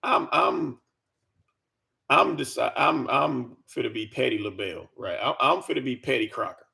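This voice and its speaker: A man's voice: medium pitch, animated, normal speed, creaky, sharp tone. A man giving an exasperated, profane reaction rant, stammering and repeating himself as he talks. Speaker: commentary vlogger. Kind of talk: ranting reaction commentary.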